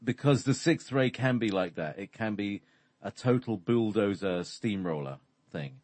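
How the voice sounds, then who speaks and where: Male spiritual teacher, low voice, hesitant and meandering, dry close sound. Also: animated, a little mellow, no echo. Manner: hesitant, halting, many fillers. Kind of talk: explanatory conversation.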